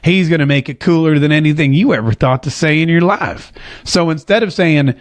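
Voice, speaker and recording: A man hosting a casual political commentary show to camera, animated and jokey, slipping into a drawl when he quotes someone. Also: fairly high pitch, a little fast. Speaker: host. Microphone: talking to a camera.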